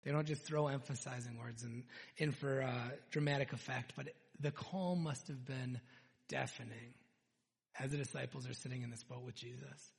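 A man preaching a sermon, retelling a scripture story with animated storytelling and dropping to hushed tones for emphasis. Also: mid-range voice, normal speed, vocal fry. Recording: long reverb in a hall.

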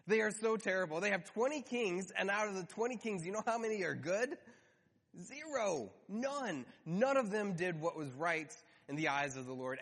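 A man preaching a sermon in an animated, conversational way, slowing down to stress key words. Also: high voice. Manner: animated, conversational, slows for emphasis. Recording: hall reverb.

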